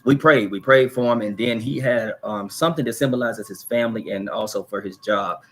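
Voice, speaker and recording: Man, pastor, host, animated storytelling, casual live talk. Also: medium pitch, a little fast, slight background noise.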